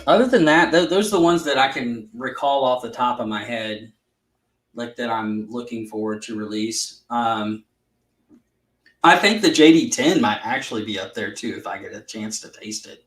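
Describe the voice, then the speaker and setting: A man's voice: mid-range voice, moderate pace, a bit bright. A man co-hosting a live chat, telling stories with laughs and teasing friends. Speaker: co-host. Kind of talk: casual chat. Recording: echoey room.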